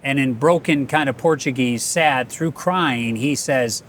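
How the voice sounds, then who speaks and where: A man's voice: medium pitch, measured pace, few pauses, a little hiss or hum. A man hosting an interview, speaking in an earnest, reflective way as he shares his own story. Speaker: host. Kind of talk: conversational interview.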